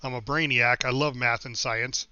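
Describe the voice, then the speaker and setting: A man's voice: medium pitch, steady tone, normal speed, sharp tone, clean tone, dry recording, muffled recording. A middle-aged man streaming a game, telling long personal stories in a casual, rambling way and thanking his followers. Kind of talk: casual storytelling while livestreaming.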